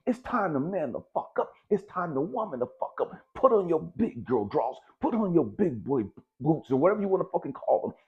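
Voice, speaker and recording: A man's voice: a little high, very animated, a little fast, few pauses. A middle-aged man giving a blunt, profane motivational exhortation, hammering his points with repetition. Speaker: motivational speaker. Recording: dull lo-fi recording.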